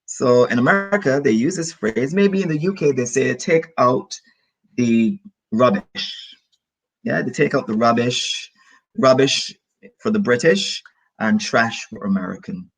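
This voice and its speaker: A man from the Caribbean teaching an online English lesson, lively and encouraging, repeating key phrases for his student. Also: mid-range voice, normal speed, slightly rough.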